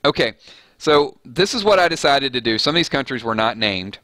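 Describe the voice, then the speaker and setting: A chatty man with a Southern US drawl hosts a relaxed live stream, reading out viewer comments and poking fun at himself. His voice is bright and forward, recorded close and dry with no room sound. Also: medium pitch, fairly quick, no room sound. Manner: chatty, reads viewer comments aloud, joking and self-mocking. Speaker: live chat host. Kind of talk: casual live-stream chat.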